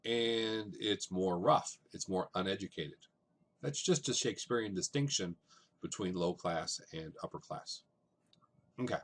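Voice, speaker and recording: Husky-voiced man teaching a play. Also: sits low, unhurried. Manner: conversational, lively, with "um" and "right?". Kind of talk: classroom lecture on a play.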